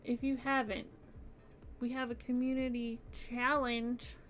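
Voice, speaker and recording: A woman's voice: on the high side, little pitch movement, a little slow, fairly bright tone, faint music behind. A young adult woman streaming her crochet, chatting casually and sounding sleepy and yawny. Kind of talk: casual live-stream chat.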